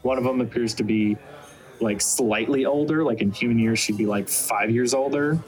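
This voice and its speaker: A man's voice: medium pitch, normal speed, darkish tone, poor audio. A man narrating as game master, rambling with many fillers and restarts.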